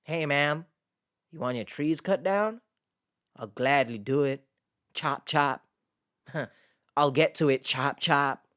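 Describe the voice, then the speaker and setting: A man's voice: a little high, slow, pauses often, a bit bright. A man voicing an eager male lumberjack with a folksy, jokey put-on accent. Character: eager male lumberjack offering to chop trees.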